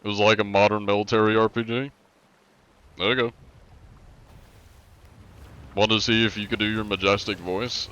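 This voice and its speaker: Man, game streamer, joking casual chatter, fairly low voice. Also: fairly bright tone, slight background noise. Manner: joking, playful, talks while playing. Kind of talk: casual live-stream chat with role-play.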